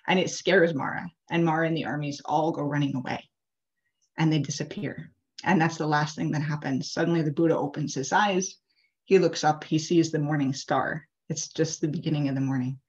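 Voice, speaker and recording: Woman interfaith leader, low voice, casual chatty sermon delivery, muffled video call sound. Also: steady tone, brisk. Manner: casual, chatty, many "like" and "uh" fillers. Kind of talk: storytelling sermon. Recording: dull lo-fi video call audio.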